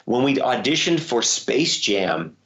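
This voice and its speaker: A man, a voice actor, telling stories in a casual interview with a lively manner. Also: takes it slowly, creaky. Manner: lively, jumps up in pitch when excited. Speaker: voice actor guest.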